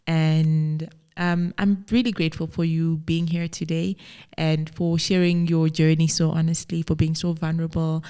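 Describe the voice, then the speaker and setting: A woman's voice: low voice, level tone, normal speed, mellow, smooth. A woman hosting a podcast, speaking in a reflective, affirming way with many filler phrases. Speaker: podcast host, life coach. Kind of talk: reflective conversational interview.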